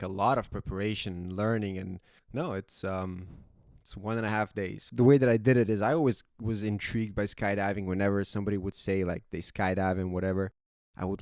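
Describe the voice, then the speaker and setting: A young man from Serbia with a Serbian accent, telling a story casually, animated and swearing freely. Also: on the low side, no room sound, studio quality. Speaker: vlogger.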